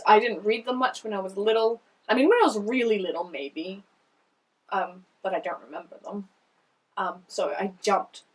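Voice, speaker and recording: A woman panellist on a podcast, discussing a children's book in a lively, animated way. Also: medium pitch, breathy edge, distant mic, rough recording.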